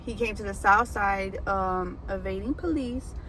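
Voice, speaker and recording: A woman who braids hair, telling a story in a casual, animated way with lots of fillers. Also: mid-range voice, unhurried, slight background noise, low-quality recording. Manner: animated, chatty, many fillers. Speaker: hairbraider and food vlogger. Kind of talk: casual storytelling while eating.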